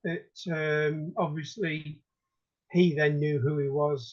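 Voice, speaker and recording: A man's voice: on the high side, steady tone, slow pace, lo-fi sound. A man on a podcast panel talking about a film, hesitant and thinking aloud. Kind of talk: casual film discussion.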